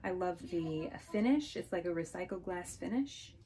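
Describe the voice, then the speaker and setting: A woman's voice: lowish voice, animated, moderate pace, dark tone. A woman casually showing off her thrift haul, chatty and gushing over small finds, with hiccups now and then. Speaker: resale vlogger. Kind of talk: casual show-and-tell haul.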